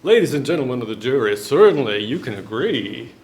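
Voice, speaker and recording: A man voicing a pompous Southern trial lawyer with a Mississippi accent, in booming, theatrical courtroom oratory. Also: very animated, fairly quick, a little mellow. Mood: grandstanding.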